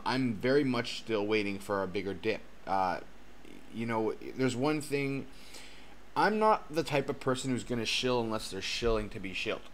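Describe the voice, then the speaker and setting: A man hosting a casual livestream as a cryptocurrency educator, excitable and chatty, laughing often and swearing casually. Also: on the low side, slight background noise. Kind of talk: casual live-stream chat. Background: faint background music.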